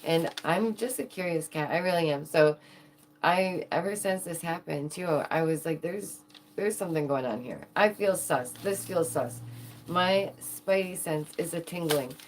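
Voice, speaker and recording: Chatting casually on a livestream, a young woman who runs her own channel jokes playfully with viewers, giggling frequently. She speaks in a lowish voice at a measured pace.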